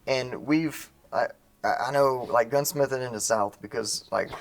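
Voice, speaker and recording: Gravelly-voiced guy cohosting a gun build tutorial, joking around, casual. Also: medium pitch, moderate pace, crowd noise. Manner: jokey, animated, self-mocking. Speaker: gunsmithing co-host. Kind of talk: casual instructional banter.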